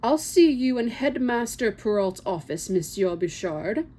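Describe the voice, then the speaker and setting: A stern, middle-aged schoolteacher from a storybook, as a woman reader puts her on. Her voice cuts in sharp and commanding, pitched a little high and drawn out slowly. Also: big pitch swings. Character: strict middle-aged female teacher.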